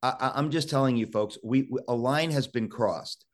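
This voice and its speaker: A man's voice: medium pitch, moderate pace. A male talk show host urgently exhorting his listeners, often restarting words in a rush.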